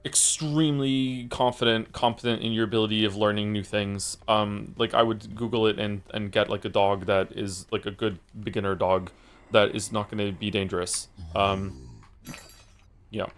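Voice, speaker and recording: A man's voice: on the low side, steady tone, moderate pace. A man streaming and chatting casually with viewers, rambling through stories with lots of fillers, restarts and blunt swearing. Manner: profane and blunt.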